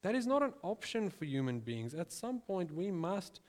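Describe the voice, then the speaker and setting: A man's voice: high-pitched, big pitch swings. Preacher man in a reverberant hall. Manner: conversational, addresses listeners as friends, pauses to stress points. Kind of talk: sermon.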